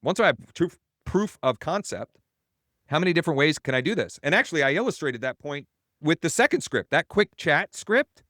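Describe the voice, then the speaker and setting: A man's voice: a little high, sing-song, a little fast, pushed and bright, no room sound, clean studio sound. A man coaching real estate agents in a webinar, telling a story in a casual, rambling way and correcting himself as he goes.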